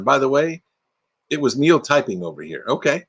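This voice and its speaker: Sleepy, playful older man, lively pitch. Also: normal speed, husky. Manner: playful and rambling, slipping into silly voices. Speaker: live-stream host. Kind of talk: casual live-stream chat. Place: inside an RV.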